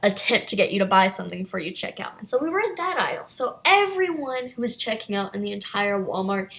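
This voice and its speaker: Young woman, YouTube storytime host, animated and self-deprecating. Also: medium pitch, quick pace, gravelly. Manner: animated, self-mocking, laughs often. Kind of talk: casual storytime.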